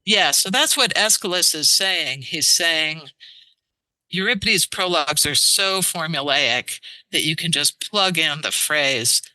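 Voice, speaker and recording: Bright-voiced woman explaining in a dry studio. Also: low voice, measured pace, no echo, poor audio. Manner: animated explaining, tapping out rhythms. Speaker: translator guest. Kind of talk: casual podcast interview.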